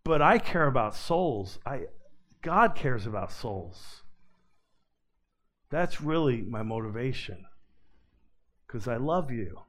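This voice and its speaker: Slow, earnest preaching man. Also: mid-range voice, very animated. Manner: slow, earnest preaching, swinging from loud urgency to quiet pleading. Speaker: pastor. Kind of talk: sermon.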